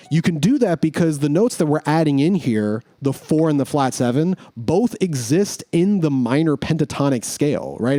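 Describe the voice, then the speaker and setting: A man teaching guitar in a casual, relaxed way, talking through note names as he demonstrates. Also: a little high. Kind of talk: casual instructional explanation.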